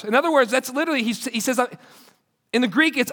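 A man's voice: extremely high pitch, fast, pushed and bright. A man preaching a sermon as pastor, in an emphatic, urgent way. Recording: long hall reverb.

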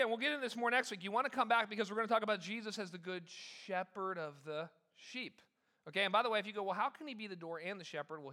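A middle-aged male pastor preaching a sermon in a conversational, animated way, with self-deprecating humor. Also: high voice.

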